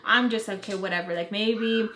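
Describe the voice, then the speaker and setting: A young woman vlogger telling a casual story in an animated, profane, rambling way. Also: medium pitch, a little fast. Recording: echoey room, faint noise.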